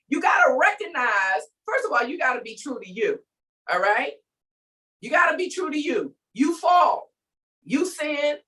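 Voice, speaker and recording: Emphatic high-voiced woman venting faithfully. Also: fairly bright tone, distant mic, low-quality recording. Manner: preachy, emphatic, calls out to listeners. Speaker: faith vlogger. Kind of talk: inspirational rant.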